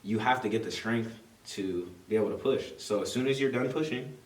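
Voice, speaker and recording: A man's voice: on the low side, a little fast, darkish tone, recorded from a distance. Young male podcast co-host, loose rambling chat, echoey room, sitting back from the mic. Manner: loose, rambling, heavy on "like" and "you know". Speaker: podcast co-host, new father. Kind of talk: casual chat. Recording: roomy, from off the mic.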